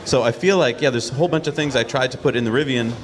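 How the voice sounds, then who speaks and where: A male host with a mid-range voice asks teasing questions in an easy, relaxed way. The chatter of a crowd fills the background at a live event. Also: medium pitch, rapid-fire. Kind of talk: casual interview.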